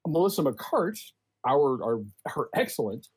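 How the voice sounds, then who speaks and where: A man on a casual podcast panel, a journalist, speaking haltingly with frequent repeated words and restarts. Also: a little high, very animated, darkish tone, breathy edge, poor audio.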